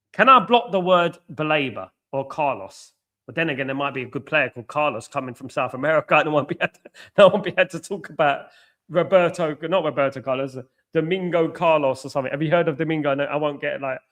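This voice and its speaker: Calling out to viewers by name and reacting to the game, a man hosts a live football watchalong with excitable chatter. He talks a little fast in a slightly high voice.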